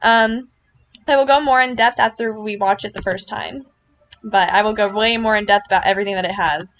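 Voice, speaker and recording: A woman giving casual reaction commentary on a video, gushing and earnest, with lots of fillers and quick apologies. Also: mid-range voice, steady tone, a bit bright, a little hiss or hum. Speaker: vlogger reacting to her club's riding routine.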